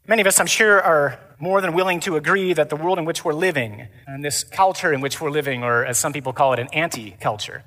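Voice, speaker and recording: A priest from giving a lively sermon at a men's conference, switching between mock-solemn readings and energetic, joking delivery. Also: on the high side. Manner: animated, theatrical, mimics stuffy readings for laughs. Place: large conference hall. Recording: live hall reverb.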